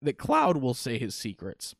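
A man in casual chat, animated and exasperated, acting out what characters say. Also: medium pitch, a little slow, vocal fry, no room sound, clean studio sound. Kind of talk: casual chat about a video game.

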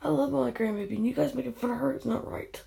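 Speaking quickly in a creaky, slightly high voice, a grandmother vlogger rants directly to camera at online trolls. She is angry, scolding and emotional, and behind her is a quiet house at night.

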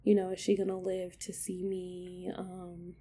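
A woman's voice: on the low side, completely flat delivery, unhurried, mellow, breathy edge. A young woman telling a personal story on a podcast, candid and emotional, with many fillers and hesitations. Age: young adult.

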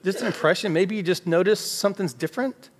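Quick and high-pitched, a man preaches a conversational sermon as pastor in a church sanctuary, performing everyday dialogue in quoted voices. There's a long hall reverb on the recording, plus faint background music.

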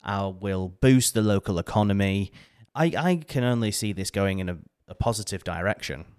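A man's voice: on the low side, moderate pace, darkish tone, clear, resonant tone. A man co-hosting a podcast in casual chat, playful and teasing. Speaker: podcast co-host.

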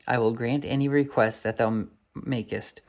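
A pompous ancient king, as a man reads him aloud in a storybook. He talks in grand archaic phrases, and the voice is gravelly and creaky. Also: mid-range voice, fairly even intonation, normal speed, lightly acted. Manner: archaic, self-important speech.

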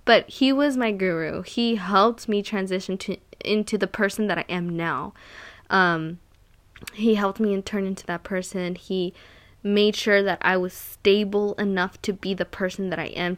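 A woman's voice: medium pitch, fairly bright tone. A woman casually telling a personal story, rambling with lots of "like" and "um" and repeating words for emphasis. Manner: rambling, heavy use of "like" and "um". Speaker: solo podcaster or vlogger.

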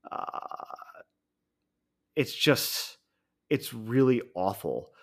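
A man's voice: medium pitch, big pitch swings, very slow. A man hosting a podcast, casually recapping a series finale and thinking aloud with frequent ums and self-corrections. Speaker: podcast host. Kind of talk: solo podcast review.

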